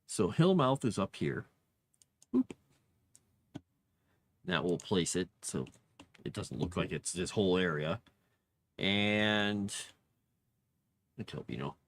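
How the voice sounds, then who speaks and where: A man's voice: low voice, big pitch swings, slow, long pauses, a little hiss or hum. A man casually chatting while building a fantasy map, muttering to himself and cooing at his cat. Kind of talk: casual livestream chat while working.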